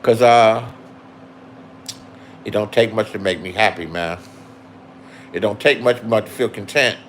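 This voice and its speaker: A man's voice: fairly low pitch, a little slow, slight background noise. A man in his sixties talking casually to camera, rambling and swearing as he reminisces. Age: 60s. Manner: profane, reminiscing, loose and chatty. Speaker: vlogger. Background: music playing.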